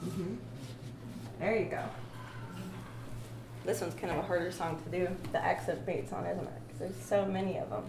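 A woman's voice: on the low side, fairly even intonation, moderate pace, vocal fry, long pauses. A woman teaching a music lesson, patient and encouraging, sometimes singing short phrases to demonstrate. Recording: echoey room with faint ambient noise.

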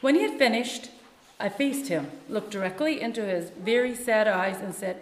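A woman who teaches music, reading her own first-person story in a measured, earnest way. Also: mid-range voice, lively intonation, a little hiss or hum. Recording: echoey room with long reverb.

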